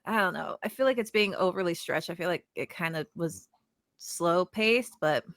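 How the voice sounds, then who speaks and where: A woman's voice: fairly low pitch, animated, moderate pace, a bit bright, dry recording, studio quality. An American woman chatting casually about comics on a podcast, laughing often and trailing off mid-sentence. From United States. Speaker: podcast co-host. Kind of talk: casual comic book review chat.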